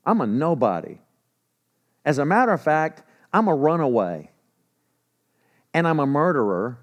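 A man's voice: fairly high pitch, very animated, measured pace. A man voicing Moses in a sermon as an anxious, self-doubting, exasperated figure. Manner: exasperated, incredulous.

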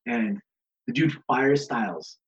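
A man's voice: mid-range voice, expressive, slow, highs cut off. A man being interviewed about his wrestling days, telling stories casually, swearing, laughing and acting out what others said. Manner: profane, laughing, acts out others' lines. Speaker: guest, pro wrestler. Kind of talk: casual storytelling.

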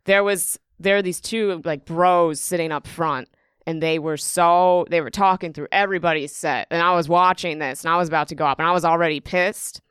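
Bright, crisp-voiced woman comedian. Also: lowish voice, fairly quick, dry recording, studio quality. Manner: animated storytelling, acts out quotes. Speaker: stand-up comedian. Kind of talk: casual podcast chat.

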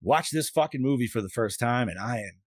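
A podcast host in his late thirties talks in a medium-pitched, fairly quick voice with no echo. He tells stories in casual chat, swears a lot, and acts out the quotes with animated energy.

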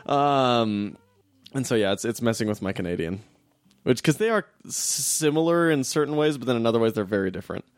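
A man's voice: mid-range voice, lively intonation, fairly quick, no room sound. A man co-hosting a casual podcast, joking around and laughing often. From United States. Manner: laughs often, jokey impressions. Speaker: podcast co-host. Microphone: studio microphone.

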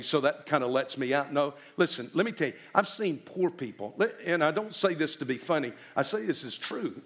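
A middle-aged man preaches in a folksy, storytelling way, his voice sitting slightly high. He slows right down to stress key phrases, then rushes through offhand remarks. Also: fairly bright tone. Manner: folksy storytelling, shifting between slow emphatic and quick asides. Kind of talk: sermon.

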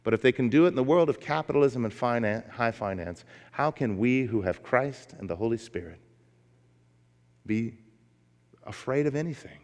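A pastor preaches to his congregation, his man's voice pitched in an ordinary middle range. He moves from emphatic exhortation into folksy storytelling. The sound carries a long reverb, as if in a large church sanctuary. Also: animated, moderate pace. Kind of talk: sermon.

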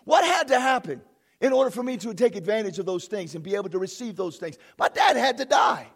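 A man preaching a fervent sermon from a church platform, bursting into shouts and exclamations. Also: high-pitched, sing-song, brisk, slightly rough. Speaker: pastor.

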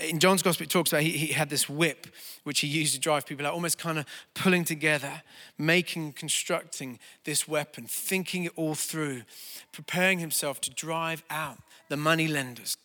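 A man's voice: on the high side, pushed and bright, in a large hall. A middle-aged man preaching a sermon, telling stories with conversational asides and self-deprecating humor. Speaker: pastor.

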